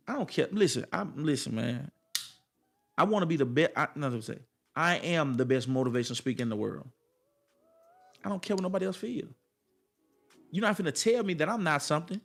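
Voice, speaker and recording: Emphatic, high-voiced motivational man. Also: animated, brisk, creaky, long pauses, faint music behind. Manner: emphatic, repetitive, preacher-like cadence; colloquial, addresses viewers directly. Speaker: motivational speaker. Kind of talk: motivational monologue to camera.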